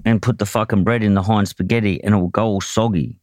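A man's voice: fairly low pitch, steady tone, fast, darkish tone, no room sound. An Australian man telling his own story in a candid, blunt way, swearing often and restarting his sentences. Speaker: podcast guest, boxer.

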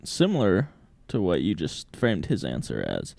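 Lively deadpan man spinning stories. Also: sits low, moderate pace, vocal fry, no room sound. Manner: deadpan storyteller, spins absurd scenarios. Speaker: podcast co-host. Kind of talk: casual comedic storytelling.

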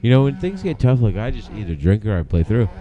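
A man co-hosting a podcast in casual chat, animated and swearing, acting out movie quotes. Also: lowish voice, fast, phone-quality sound. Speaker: podcast co-host.

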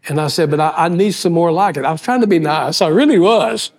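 Folksy pastor, higher-voiced man. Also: fairly quick. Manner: folksy, animated storyteller who acts out quoted voices. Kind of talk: storytelling sermon.

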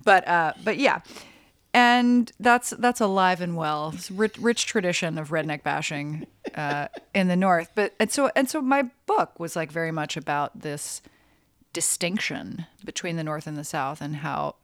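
A woman in her forties from North Carolina talks casually as an interview guest, her voice low and close with no room sound. She rambles and corrects herself, laughing easily. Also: measured pace, no room sound. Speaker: guest writer.

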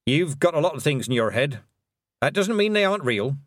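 A man reading the lines of a stern older witch, speaking slowly and dryly with clipped, commanding phrases in an audiobook. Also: on the high side, big pitch swings, no room sound, voice pushed up. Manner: slow, clipped and dry.

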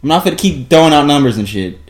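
A young man co-hosting a casual chat, loud and teasing, often laughing. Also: a little high, expressive, fast talker, roomy sound, slight background noise. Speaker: podcast co-host.

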